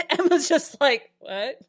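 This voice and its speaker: A woman with a slightly high voice chatting about a TV show. She is playful and jokey and laughs often as she riffs with her co-host. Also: expressive, moderate pace, a bit bright. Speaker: podcast co-host. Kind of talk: casual chat recapping a TV show.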